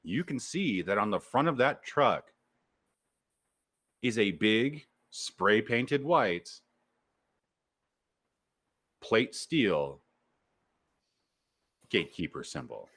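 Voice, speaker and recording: Male game master, low-pitched, unhurried, swings his tone a lot. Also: very animated, a bit bright, breathy edge. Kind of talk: narrating a tabletop game.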